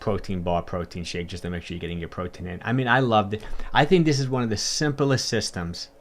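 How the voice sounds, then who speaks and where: With a lowish voice and a fairly quick pace, a fitness coach talks casually to his livestream audience. He's chatty and upbeat as he reads out and answers comments, using lots of fillers and repetition.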